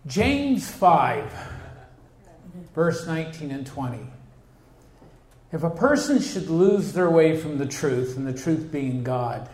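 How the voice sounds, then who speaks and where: A man's voice: a little high, sing-song, takes it slowly, pauses often, darkish tone. A man giving a humorous recovery talk to a convention, acting out the people in his stories. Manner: storytelling, acts out quoted people. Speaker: recovery speaker. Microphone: handheld mic. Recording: echoey hall.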